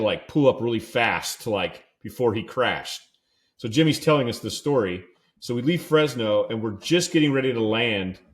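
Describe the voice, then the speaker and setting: A young man from California, co-hosting a podcast, telling a rambling casual story full of "like" and "dude". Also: mid-range voice. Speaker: podcast co-host.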